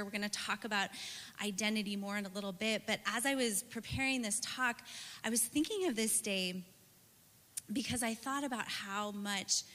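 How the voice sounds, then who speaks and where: Earnest woman speaker, bright tense tone, church devotional talk, long hall echo. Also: mid-range voice. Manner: earnest, personal, with frequent "right" fillers. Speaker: speaker at a church women's gathering.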